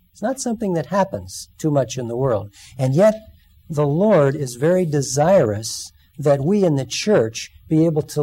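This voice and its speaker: A man's voice: on the high side, warm tone, breathy edge. A man giving a sermon, telling stories and acting out the quoted lines. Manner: storytelling, acts out quoted lines. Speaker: speaker.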